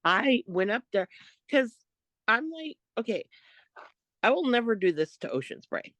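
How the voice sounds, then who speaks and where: A woman co-hosting a podcast, telling a story in a casual, animated way, quoting what others said. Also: a little high, a little slow, no echo. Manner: animated retelling, quotes others, laughs often. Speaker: podcast co-host.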